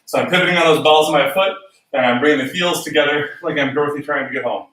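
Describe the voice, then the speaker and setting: A man's voice: on the high side, fast, fairly bright tone, recorded from a distance. A man teaching a solo swing dance class, talking through steps and counting beats aloud in rhythm. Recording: echoey room, voice from off-mic.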